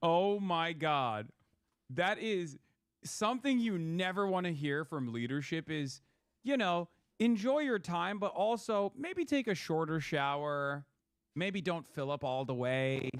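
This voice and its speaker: A man's voice: fairly high pitch, lively intonation, a little slow, clean tone, no room sound, clean studio sound. A young man giving casual, profane, sarcastic reaction commentary.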